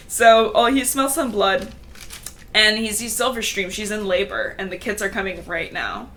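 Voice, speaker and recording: Chatty woman podcaster giggling thru a book recap, middle pitch. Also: lively intonation, slow pace, pauses often, fairly bright tone, a little hiss or hum. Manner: chatty, giggly, lots of filler "like". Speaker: podcast host. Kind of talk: casual book recap chat.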